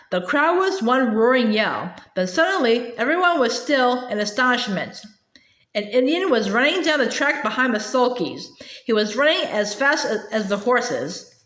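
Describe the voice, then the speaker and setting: A storybook reader with a high, lively voice works through a children's novel. Her reading stumbles, with frequent drawn-out fillers and restarted words, in an echoey, roomy-sounding recording.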